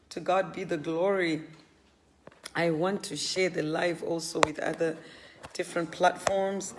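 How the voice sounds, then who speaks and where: A woman's voice: on the low side, slight background noise. A woman hosting a live stream from her home, greeting viewers by name one after another and often repeating herself while setting up. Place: home living area set up as a studio.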